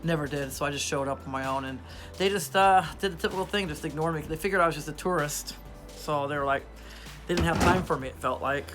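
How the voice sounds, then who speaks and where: A man vlogging into his phone, hoarse from losing his voice and laughing often as he rambles on, frustrated. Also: on the high side, fast, music in the background. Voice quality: weak voice. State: hoarse, lost voice. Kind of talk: casual vlog talk to phone camera. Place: outdoors in the rain, then indoors. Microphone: phone held at arm's length.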